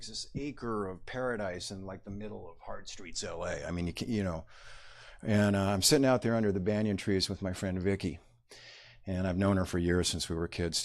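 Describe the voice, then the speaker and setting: Deep-voiced man telling a story. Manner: halting, reflective, many pauses and fillers. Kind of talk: personal story told to an audience.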